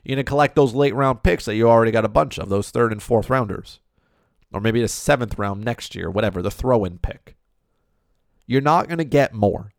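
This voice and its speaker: Man, sports-talk ranter, gravelly voice, dry close mic, emphatic and repetitive. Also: medium pitch, fairly quick, dry recording. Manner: emphatic, repeats points, rhetorical questions. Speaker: hockey commentator. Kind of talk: opinionated sports talk monologue.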